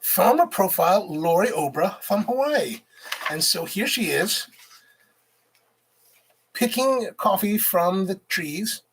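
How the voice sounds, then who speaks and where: A man's voice: high voice, lively intonation, takes it slowly, long pauses, slightly rough. A man in his forties hosting a casual livestream, rambling and reading viewer comments aloud. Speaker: livestream host, barista.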